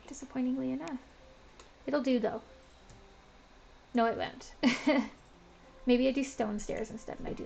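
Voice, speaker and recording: A woman's voice: high-pitched, gravelly, background noise. A woman streaming a building game, chatting casually to herself with lots of "like" and a self-described Valley Girl way of talking. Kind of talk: casual gameplay commentary.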